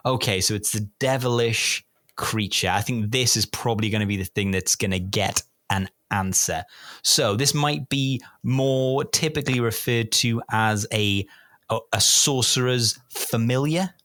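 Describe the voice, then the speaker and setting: A man runs a guessing game on a podcast, talking in a relaxed, playful way. His voice sits in the middle of the usual range. The sound is close and dry, with no room around it. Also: medium pitch, measured pace, no echo. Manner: playful, puts on comic accents. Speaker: quiz host. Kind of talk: casual podcast chat.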